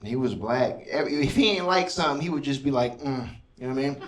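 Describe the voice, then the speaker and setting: A man's voice: mid-range voice, lively intonation, very fast, heavy background noise. Stand-up comic man in a roomy club. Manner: conversational, keeps asking the crowd "you know what I mean". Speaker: stand-up comedian. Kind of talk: stand-up comedy set. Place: comedy club stage before a laughing audience. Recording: roomy live club sound from far off, crowd laughter.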